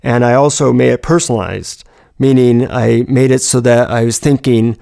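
A man's voice: mid-range voice, fairly even intonation, moderate pace, gravelly, dark tone. A man giving a reflective self-help talk, telling personal stories about handling negative thoughts.

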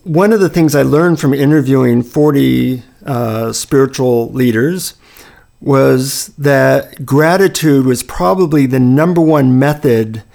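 A man hosting a conversation, telling a personal story in a relaxed, anecdotal way. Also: medium pitch, a little slow, vocal fry. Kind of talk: casual storytelling chat.

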